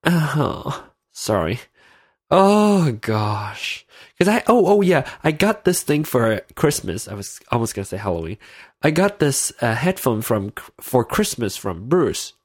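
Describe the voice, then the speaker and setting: He's congested, rambling, and often loses his thread while talking casually on his solo podcast, using in-ear headphones with a mic. The man's medium-pitched voice is sing-song and a little slow with a breathy edge, captured clean in a studio with no echo.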